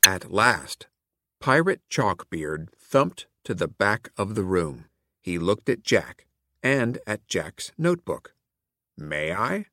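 A man reading a children's picture book aloud in a clear, expressive way, including its classroom activity prompts. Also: on the low side, slow pace, dry recording. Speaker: storybook reader. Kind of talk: read-aloud children's story narration.

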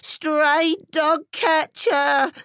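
A man voicing a small, eager, long-bodied male dog in a storybook read-aloud, with breathless, excited squeals. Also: very high voice, extremely slow, no echo, clean studio sound, voice pushed up, exaggerated voice. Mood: panicked.

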